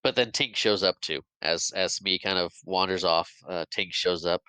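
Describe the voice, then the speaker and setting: A podcast co-host recapping a film in a chatty, animated way. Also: male voice, low-pitched, normal speed, clean tone, dry recording, poor audio. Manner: chatty, animated retelling with acted quotes.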